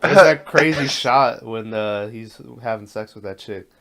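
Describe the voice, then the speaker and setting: A man with a fairly low voice recalls film scenes in an easy, rambling way. He swears freely and laughs along with his co-hosts. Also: unhurried, crowd noise. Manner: laid-back, loose, swears often. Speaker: podcast co-host. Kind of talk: casual movie chat.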